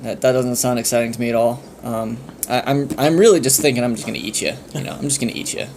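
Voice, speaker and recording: A hungry blue dragon, put on by a man telling a story, drawls in a lazy, casually threatening way. He sounds bored and in no hurry. The voice sits at an ordinary middle pitch. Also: fast, darkish tone, slight background noise, natural voice. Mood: dismissive.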